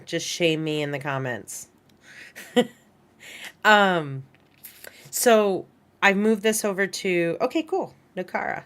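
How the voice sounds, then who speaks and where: Casting: woman instructor, low voice, casual and chatty, talking students through a screen share. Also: fairly bright tone, clean tone. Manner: chatty, informal, talks to students in chat. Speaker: animation instructor. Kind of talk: online class screen-share walkthrough.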